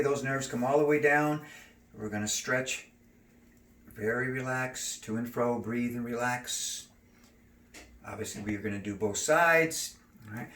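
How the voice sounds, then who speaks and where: A man teaching neck and shoulder stretches, giving calm step-by-step cues and slow breathing counts. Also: mid-range voice, recorded from a distance, slight background noise. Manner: calm, cueing slow breathing and gentle moves. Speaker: stretching instructor. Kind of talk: exercise demonstration. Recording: roomy, from off mic.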